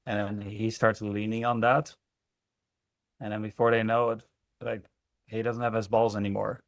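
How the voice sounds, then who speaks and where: A man's voice: on the low side, flat delivery, normal speed, dry recording, clean studio sound. A man working as a relationship coach, talking bluntly and emphatically with frequent swearing in an interview. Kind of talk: candid interview conversation.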